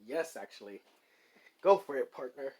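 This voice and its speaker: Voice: medium pitch, very animated, moderate pace, darkish tone, lightly acted. A narrator voicing a laid-back male dragon partner with an offhand manner, in a fan story read-aloud. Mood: casual.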